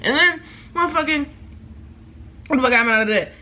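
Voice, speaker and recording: A young woman vlogger, telling a storytime in casual, profane talk, loudly acting out what people said. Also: sits high, brisk, a little hiss or hum. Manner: animated, profane, acts out quotes loudly. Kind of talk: casual storytime while eating.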